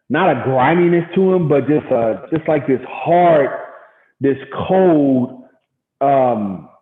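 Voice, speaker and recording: Middle-aged man telling lively stories, tinny echo. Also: medium pitch. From Gary, Indiana, USA. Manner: animated storyteller acting out quotes. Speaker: guest, former baseball pitcher. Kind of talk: casual storytelling interview. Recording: echoey, tinny phone-like sound.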